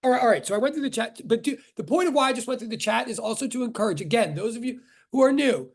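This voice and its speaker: Middle-aged male physics teacher from Brooklyn, high husky voice, rambling sarcastic asides, video call audio. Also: expressive, fast. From Brooklyn, New York. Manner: rambling, joking, self-interrupting, sarcastic. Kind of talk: casual class introduction on a video call.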